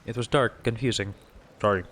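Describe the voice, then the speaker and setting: A man voicing a young woman who cares for her aging father, reading her lines earnestly in his own low voice. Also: steady tone, fairly quick, fairly bright tone.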